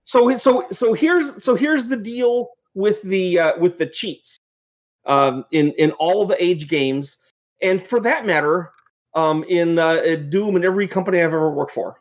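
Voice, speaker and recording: A man's voice: high-pitched, a little slow, lo-fi sound. A man, a game designer appearing as a podcast guest, telling rambling anecdotes and restarting his sentences as he goes. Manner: animated, rambling storyteller who restarts sentences. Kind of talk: casual anecdotal storytelling.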